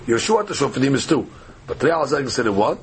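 A man of middle pitch leads a daily Talmud class. He reads the text out and explains it in short, halting phrases, full of "uh". A faint room hum sits under his voice. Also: big pitch swings, vocal fry. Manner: reads text aloud and translates phrase by phrase, hesitant fillers. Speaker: Talmud teacher.

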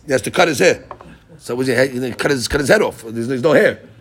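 A man's voice: medium pitch, lively intonation, fairly quick. A man teaching a daily Gemara class, asking rhetorical questions and mixing in Hebrew and Aramaic terms. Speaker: Talmud teacher.

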